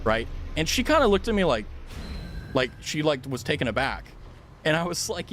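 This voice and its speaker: A young man streaming a game and telling a rambling, swear-heavy story in casual chat, laughing loudly at times. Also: on the high side, brisk, slight background noise. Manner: animated, loud laughs. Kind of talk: casual chat while gaming.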